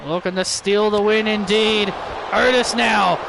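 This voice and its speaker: A man doing excitable play-by-play wrestling commentary over a video game, repeating himself and bursting into shouts. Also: sits high, measured pace, creaky, crowd noise, background noise.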